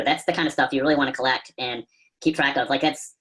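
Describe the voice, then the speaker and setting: Speaking fast in a mid-range, steady and somewhat bright voice, a man who is a copy chief teaches as a guest instructor on a video call. His casual talk mixes conversation and storytelling with fillers and the odd curse, captured in low quality.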